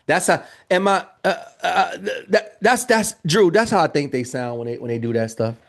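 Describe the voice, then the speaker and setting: A man's voice: high voice, moderate pace, creaky. Upbeat, joking male trainer. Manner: energetic, joking, addresses audience as y'all. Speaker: business trainer. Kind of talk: live training talk.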